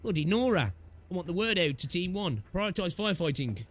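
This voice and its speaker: A man voicing a gruff male army captain who barks orders, reading game dialogue aloud. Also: sits high, very animated, fairly quick. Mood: commanding. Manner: barking orders.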